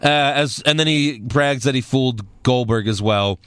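A man hosting a casual wrestling recap podcast, telling the events in an animated, joking way. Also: mid-range voice, moderate pace, smooth, no room sound. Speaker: podcast host.

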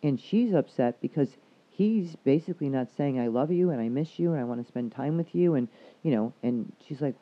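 A man's voice: medium pitch, animated, fairly quick. A man working as a counselor, talking casually and frankly, swearing freely as he explains things. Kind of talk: casual chat. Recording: dull lo-fi recording.

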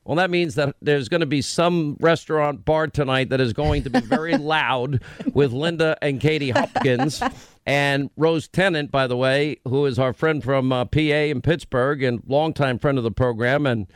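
A man's voice: a little high, clean tone, no room sound. A man hosting a talk radio show from a studio, joking and brash, often cutting in on his guests. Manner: brash, joking, quick to interrupt. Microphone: studio microphone.

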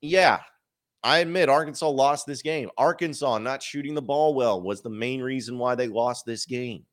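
A man's voice: medium pitch, moderate pace. A man hosting a solo sports podcast, giving casual, opinionated commentary with wry asides.

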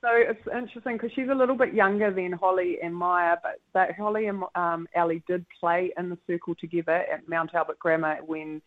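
A woman's voice: lowish voice, fairly even intonation. New Zealand woman coach, muffled radio line. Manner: measured explanations, laughs easily at teasing. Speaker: netball coach. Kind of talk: radio interview. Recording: slightly muffled radio audio.

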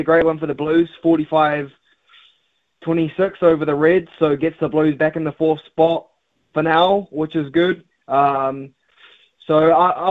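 Kiwi guy calling in over a tinny phone line, flat monotone, lots of ums, voice sitting a bit high. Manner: hesitant, many fillers. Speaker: caller. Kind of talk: phone-in sports chat.

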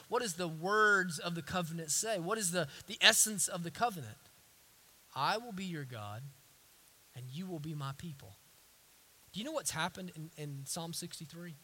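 A man preaching a sermon, swinging from hushed, intimate lines to forceful repeated declarations, with frequent restarts. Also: high-pitched. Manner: hesitant restarts and stammers. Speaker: pastor.

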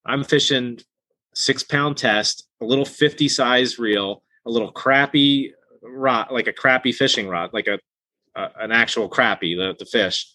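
A man's voice: mid-range voice, measured pace, bright, forceful tone, dry recording. A man in his thirties hosting a casual fishing interview, easygoing and telling stories with restarts. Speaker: podcast host.

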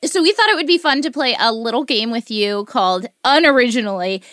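A woman's voice: a little high, animated, fairly quick, a bit bright, no room sound, clean studio sound. A woman in her thirties hosting a podcast, chatty and gushing with her guest. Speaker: podcast host. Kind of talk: casual chat.

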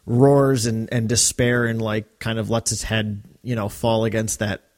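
A man co-hosting a podcast in casual chat, talking animatedly and breaking into quick quoted lines. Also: on the low side, flat delivery. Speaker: podcast co-host.

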